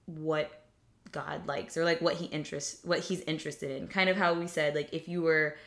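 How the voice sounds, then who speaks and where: Reflective young woman, low-pitched. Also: a bit bright. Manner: reflective, many fillers and restarts. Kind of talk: casual faith conversation.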